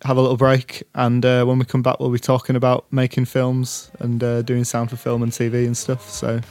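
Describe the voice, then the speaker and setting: A man hosting a podcast in casual chat, relaxed and a bit hesitant. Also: mid-range voice, brisk, faint music behind. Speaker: podcast host.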